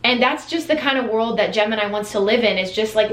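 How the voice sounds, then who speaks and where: A woman's voice: fairly high pitch, quick pace, fairly bright tone. Woman, American, chatty vlogger, casual and enthusiastic, fillers and restarts, roomy echo. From United States. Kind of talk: casual talk to camera. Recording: echoey room.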